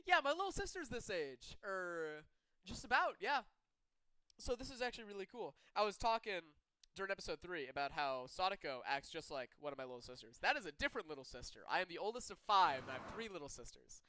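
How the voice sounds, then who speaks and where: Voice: mid-range voice, big pitch swings, fast, pushed and bright, no echo. Chatty, profane game streamer. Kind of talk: live-stream reading and commentary. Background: game music.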